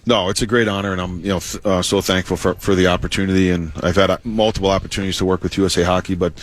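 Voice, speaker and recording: A man, a hockey head coach, giving measured interview answers with lots of "you know" and "uh". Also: low-pitched, steady tone.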